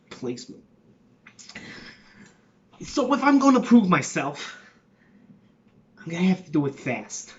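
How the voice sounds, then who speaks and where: A man playing a shy, nervous young comedy writer in a monologue, with a New York accent and halting delivery. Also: a little high, lo-fi sound. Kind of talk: acting a monologue.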